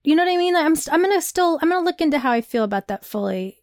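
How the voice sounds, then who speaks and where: A young woman co-hosting a casual chat, rambling and animated, laughing often and filling her talk with "like". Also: high-pitched, rapid-fire, no echo, studio quality. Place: New York.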